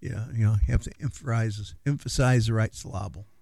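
A man's voice: lowish voice, fairly quick, gravelly, mellow, no room sound. A middle-aged man co-hosting a radio show in loose, rambling casual chat with many fillers. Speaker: radio co-host.

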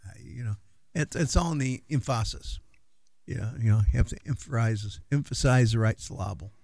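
A man's voice: mid-range voice, normal speed, vocal fry, a little mellow, no echo. A man co-hosting a casual radio chat, rambling with fillers and restarts. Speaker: radio co-host.

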